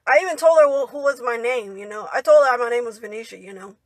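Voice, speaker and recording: A woman's voice: a little high, expressive, fast talker, dry recording. A young woman telling a story in a rambling, indignant way, ending her lines with "right?" and "you know". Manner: indignant retelling. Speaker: vlogger. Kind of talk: storytime monologue.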